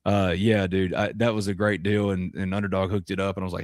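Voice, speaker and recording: A man's voice: fairly low pitch, fast talker, few pauses, no room sound, clean studio sound. Laid-back man talking sports. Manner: rambling, loose, many fillers. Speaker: podcast host. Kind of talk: casual sports chat.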